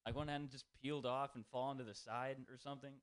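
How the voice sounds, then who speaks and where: A man's voice: medium pitch, fairly even intonation, fast talker, smooth. A young man doing a rambling, self-deprecating stand-up set full of swearing, at an open mic in a small comedy room. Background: small audience.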